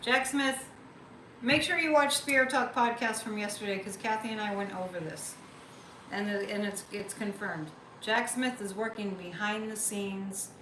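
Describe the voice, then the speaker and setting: A woman's voice: mid-range voice, a little slow, pushed and bright, roomy sound, slight background noise, poor audio. A woman hosting a psychic livestream, chatting casually, reading viewer comments and repeating phrases for emphasis.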